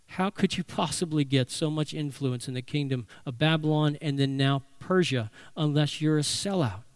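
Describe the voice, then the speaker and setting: A man preaches from the pulpit, his voice sitting high for a man. He preaches in an animated way, acting out voices to drive his points home. The sound is dry and close. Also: moderate pace, smooth, no room sound. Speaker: pastor. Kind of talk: sermon.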